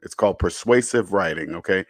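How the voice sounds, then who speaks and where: A man's voice: low-pitched, a little fast, no room sound, studio quality. A man hosting a live personal finance stream, talking bluntly and preachily, repeating points and tagging lines with "okay?". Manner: repeats himself for emphasis. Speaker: personal finance show host.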